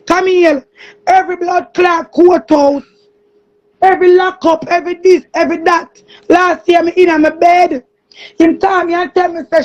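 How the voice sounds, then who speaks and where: A woman with a Jamaican accent in an angry, cursing monologue, often shouting. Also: very high voice, steady tone, moderate pace. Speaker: streamer. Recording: muffled lo-fi recording.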